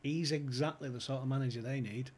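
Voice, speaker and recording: A man's voice: mid-range voice, steady tone, brisk, a little hiss or hum. A man telling stories casually, swearing and laughing as he goes. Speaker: podcast guest, former club insider. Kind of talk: casual storytelling chat.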